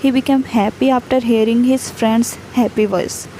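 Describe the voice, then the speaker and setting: Even-toned woman reading a fan story. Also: a little high, normal speed, a little hiss or hum, poor audio. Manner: reads speaker names and cues aloud in an even, unvaried tone. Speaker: fan fiction reader. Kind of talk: flat read-aloud of a fan fiction chat story.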